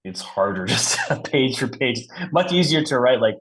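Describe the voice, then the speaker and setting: A man in his forties chats as a guest in a relaxed interview. He rambles through his answers, drops curse words and laughs easily, and his pitch jumps up and down a lot. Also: moderate pace. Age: 40s. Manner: animated, rambling, swears freely, laughs often. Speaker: comic book writer, guest. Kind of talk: casual interview chat.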